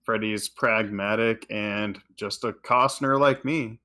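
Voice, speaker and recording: A man at a tabletop game answering briefly and easily in a somewhat low voice. He talks in a relaxed, casual way with the game master. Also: slow pace. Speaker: player.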